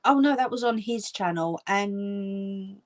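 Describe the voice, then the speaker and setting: Woman host, furious scolding rant, deliberate pace, dry close sound. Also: mid-range voice, dry recording. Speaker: channel host. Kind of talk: angry direct-to-camera rant.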